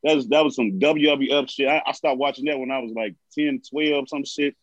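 A man who is a regular on a talk show, ranting in casual, profane chat that flares into shouts. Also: medium pitch, brisk, no room sound, dull audio. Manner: profane, animated, rising to shouts. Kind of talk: heated casual rant.

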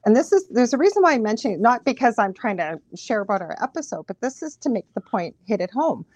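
A woman who works as a psychic medium, a podcast guest telling stories in a lively, chatty way with frequent laughs. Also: on the high side, no echo. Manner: animated storyteller, laughs often, quick asides. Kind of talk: casual chat, storytelling.

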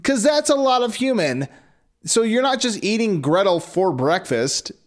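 A man's voice: high-pitched, very animated, a little slow. A man reading a fairy tale aloud with an irreverent, sarcastic manner, breaking off for profane asides. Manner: irreverent, sarcastic, swears freely. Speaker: storyteller.

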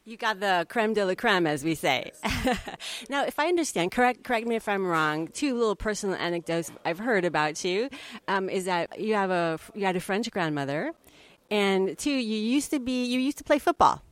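A woman's voice: mid-range voice, lively intonation, normal speed. A woman interviewing a chef in a conversational, upbeat way. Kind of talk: interview questions.

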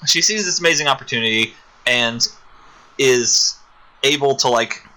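Man, very bright voice, podcast co-host, casual chat, animated, laughing. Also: medium pitch, normal speed, poor audio. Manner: animated retelling, putting on little voices for characters; laughs often.

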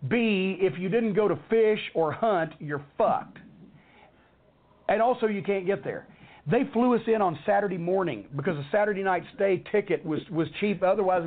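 A middle-aged man, telling a heated, swearing story as host of a rant podcast. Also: high-pitched. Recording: tinny phone-like audio.

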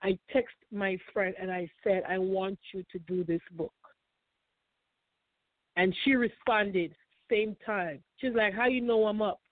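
A woman's voice: medium pitch, steady tone, slow pace, pauses often, no echo. A woman guest telling her personal story in an interview, emotional and repetitive. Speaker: guest author. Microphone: phone call. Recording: tinny dry phone line.

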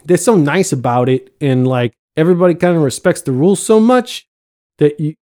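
Male podcast host, slightly high voice, loose and rambling, joking with profanity and filler words. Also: animated, fairly quick, a little mellow. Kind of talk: casual chat. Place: home, living abroad. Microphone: computer microphone.

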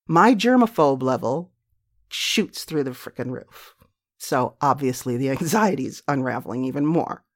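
A woman with a low, deep voice tells her own story as a host. She is middle-aged, blunt and profane, and she laughs at herself. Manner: candid, profane, self-mocking. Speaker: podcast host. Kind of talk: personal storytelling monologue.

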